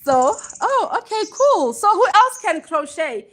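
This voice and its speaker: A woman's voice: very high voice, sing-song, unhurried. A woman hosting a casual livestream chat, talking to viewers and answering their comments as she goes, laughing at herself now and then. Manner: chatty, reads and answers viewer comments aloud; laughs easily, self-deprecating. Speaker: livestream host.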